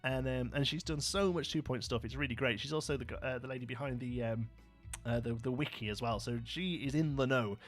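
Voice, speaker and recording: A talkative man with a Brummie accent chats his way through a live game stream, laughing easily and replying to viewers. His voice sits at an ordinary middle pitch. Game music plays faintly behind him. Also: brisk, few pauses. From Birmingham, England. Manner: chatty, laughs often, answers viewer comments. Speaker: livestream host. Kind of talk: casual live gameplay chat.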